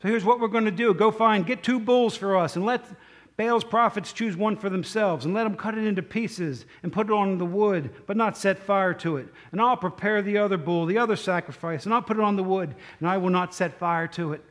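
A man's voice: high voice, a little fast, a bit bright. A man voicing a bold male prophet who challenges the crowd in a commanding way, within his own sermon. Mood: challenging.

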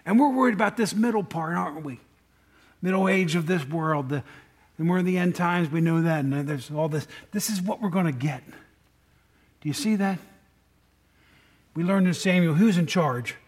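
A man's voice: high-pitched, normal speed, long pauses. A middle-aged man preaching a sermon in a conversational way, often asking the congregation questions. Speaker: pastor.

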